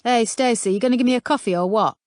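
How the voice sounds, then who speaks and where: Brief: woman narrator playing a cocky male cop, fast and mocking, audiobook. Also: on the high side, darkish tone, no echo, studio quality, voice pushed up, natural voice. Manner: cocky, quick. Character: cocky male detective, vain joker.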